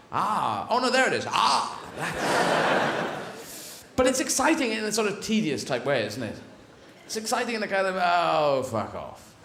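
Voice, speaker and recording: A man's voice: fairly high pitch, noisy background. A man performing a rambling, digressive stand-up routine on a large theatre stage, heard with audience laughter in an echoey hall. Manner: rambling, digressive, self-correcting. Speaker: stand-up comedian.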